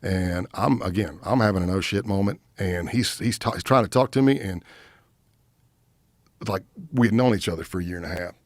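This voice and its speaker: A man's voice: low-pitched, normal speed, no room sound, studio quality. A middle-aged man, a retired agent, telling a story in a casual podcast interview and acting out the lines of the people in it. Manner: animated storyteller, acts out quotes. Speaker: guest, retired FBI agent.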